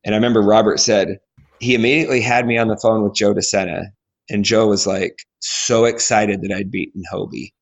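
Guesting on a podcast, this Alaskan man in his 40s, an athlete, recounts his story with lots of energy, voicing quotes and frequently starting over. He speaks at a fairly low pitch and a little fast.

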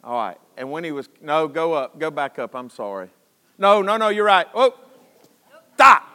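A man preaches, folksy and impassioned, his high, bright voice swinging from shouts down to hushed tones. The sound carries a long reverb from the church sanctuary. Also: animated, normal speed, clean tone. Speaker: pastor. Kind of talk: sermon.

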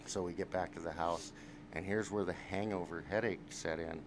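Man, very low voice, foul-mouthed storyteller, noisy recording. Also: normal speed. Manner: profane, animated anecdote with quoted dialogue. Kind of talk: casual storytelling. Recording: noticeable background noise.

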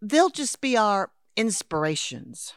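A woman as a brisk, scheming old lady. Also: mid-range voice, big pitch swings, dry recording, clean studio sound. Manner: brisk, patronizing, calls others dear and darling. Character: scheming elderly woman, Henrietta, would-be crime writer. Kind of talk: audio drama acting.

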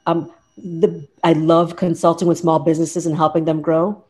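A woman's voice: sits low, flat delivery, moderate pace, darkish tone. A woman in her fifties, a lawyer and professor, talking in an earnest, heartfelt way with frequent restarts in a casual interview. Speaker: guest, lawyer and law professor.

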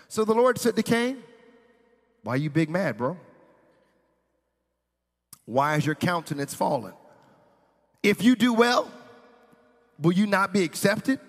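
A man's voice: fairly high pitch, in a large hall. A man preaching a sermon as pastor, reading scripture and building intensity with playful asides. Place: church sanctuary.

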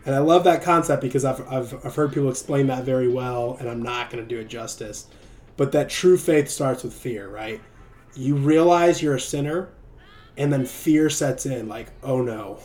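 A man's voice: mid-range voice, moderate pace, a little mellow. A man hosting a livestream and preaching casually, loose and joking, with frequent "right?" tags. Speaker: livestream host.

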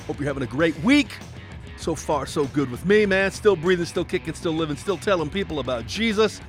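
Emphatic high-voiced male pastor. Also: brisk, soft background music. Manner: energetic, emphatic preaching with sudden rises. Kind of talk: podcast sermon.

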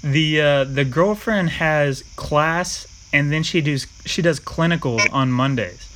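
A young man chatting casually, an animated storyteller who swears freely, with background hiss on the recording. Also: on the high side. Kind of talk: casual chat.

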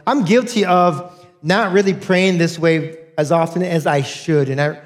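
A man's voice: on the high side, moderate pace. A man preaching a sermon as a pastor, earnest and direct, repeating key points to his congregation.

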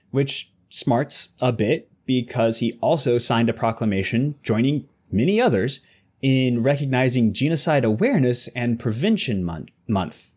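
A man with a husky, slightly rough voice talks in a casual podcast discussion. His pitch swings widely, jumping up sharply when he presses a point. He alternates between loose chat and reading news passages aloud. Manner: animated, voice jumps up when making a point. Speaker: podcast co-host.

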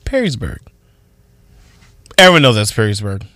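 A man co-hosting a casual radio chat show, playful and quick to laugh. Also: on the low side, very animated, bright, forceful tone, no echo, clean studio sound. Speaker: radio co-host.

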